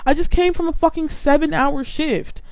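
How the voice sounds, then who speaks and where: A woman's voice: sits high, steady tone, moderate pace, a little mellow, no echo. A young adult woman hosting a podcast, ranting casually and with exasperation, full of "like" fillers. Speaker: podcast host.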